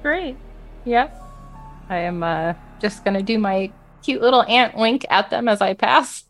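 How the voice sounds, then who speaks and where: A woman's voice: on the high side, unhurried, faint music behind. Playful woman playing a tabletop game. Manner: polite, playful. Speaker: player.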